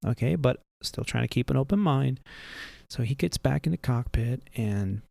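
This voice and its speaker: A man, an airline captain hosting his own podcast, tells stories in a casual, conversational way and turns to the listener with questions. His voice is gravelly and mellow, with a dry close sound. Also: mid-range voice, lively intonation, normal speed, no room sound. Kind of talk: casual storytelling.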